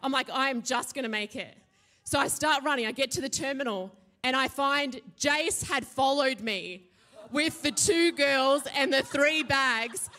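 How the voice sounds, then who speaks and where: A woman, a pastor giving a sermon and telling a lively personal story. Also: high voice, a little slow. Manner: animated storytelling, acts out her own shouting.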